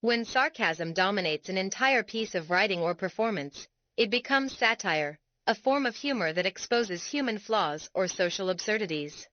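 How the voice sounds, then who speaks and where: Bright-voiced woman narrating a lesson. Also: medium pitch, animated, moderate pace, few pauses, highs cut off. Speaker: educational narrator. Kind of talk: scripted explanatory narration.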